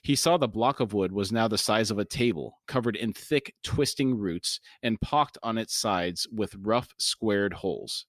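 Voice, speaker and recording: A man's voice: on the low side, unhurried, hardly any pauses, no room sound, clean studio sound. A man co-hosting a book podcast, reading a fantasy novel aloud in a plain voice and chatting casually between passages. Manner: plain, lightly voiced read-aloud, laughs often.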